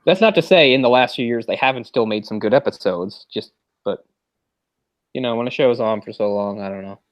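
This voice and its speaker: In a dry recording missing its highs, a man with a medium-pitched voice talks briskly over a movie as a commentary host. His casual watch-along chat rambles, packed with "like" fillers and mock voices for retold scenes.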